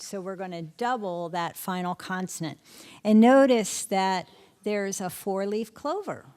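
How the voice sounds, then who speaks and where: Leading teachers through a spelling lesson, a middle-aged female literacy instructor speaks at a medium pitch with a darkish tone. She keeps throwing out quick questions and frequently supplies the answers herself.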